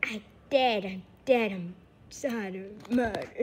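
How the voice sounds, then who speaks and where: Woman, silly game commentary, playful, repetitive, giggly, slow. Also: medium pitch, a little hiss or hum. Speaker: gaming channel host.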